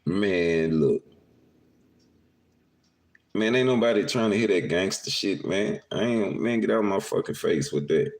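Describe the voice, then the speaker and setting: A man with a very deep, gravelly voice hosts a casual livestream from home. He swings his pitch widely as he jokes, curses and laughs with the chat in loose slang. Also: expressive, measured pace, pauses often. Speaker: podcast host talking to live chat. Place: indoors, at home.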